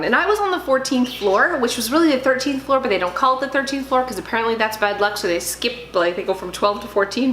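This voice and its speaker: A woman's voice: on the high side, a bit bright, slight background noise. A woman, telling funny stories to camera in a chatty, self-deprecating way. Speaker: home organizing vlogger. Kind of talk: casual storytelling to camera. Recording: roomy echoey indoor sound.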